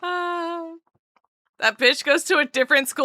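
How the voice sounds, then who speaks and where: A young woman chats casually with her live viewers, bubbly and quick to get excited, tossing in self-mocking jokes. Her voice sits fairly high and sounds bright and forceful. The sound is dry, with no room around it. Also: no echo. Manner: bubbly and excitable, voice leaps up when greeting viewers; jokey, self-mocking asides. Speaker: livestreamer.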